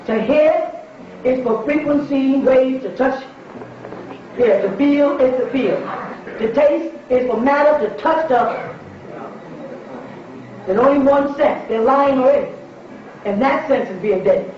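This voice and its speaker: A man's voice: extremely high pitch, slight background noise. A man giving a lecture to an audience and taking their questions. He talks emphatically, repeats his points and asks rhetorical questions. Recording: distant, echoey, dull lo-fi recording.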